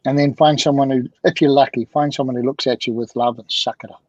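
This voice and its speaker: A man speaking as a guest mentor in an interview, animated and fond of repeated rhetorical questions, heard through dull lo-fi audio. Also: medium pitch, fast talker, dry recording. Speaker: guest, emotional communication mentor. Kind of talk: video-call interview talk.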